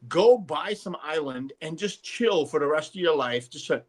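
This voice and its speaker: A man's voice: on the high side, lively intonation, normal speed. A man co-hosting a casual podcast chat, speaking emphatically and preaching about working out. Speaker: podcast co-host.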